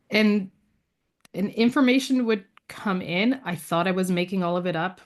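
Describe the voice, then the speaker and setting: A woman's voice: mid-range voice, moderate pace. Chatty woman telling a personal story. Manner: lively storyteller who acts out quoted dialogue; frequent fillers and restarts, laughs between lines. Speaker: podcast guest. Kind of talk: casual interview storytelling.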